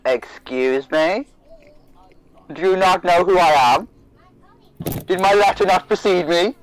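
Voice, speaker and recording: A man's voice: high voice, slow pace, rough recording. A man voicing a haughty, self-important noblewoman priestess, pompous and commanding, over an online call. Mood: indignant.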